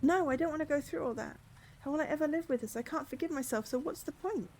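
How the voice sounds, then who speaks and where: A woman reading game dialogue aloud, voicing a guilty, hopeless young man who speaks in a shaky, halting, pleading way. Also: high-pitched, darkish tone, slight background noise, pitched above the performer's own voice.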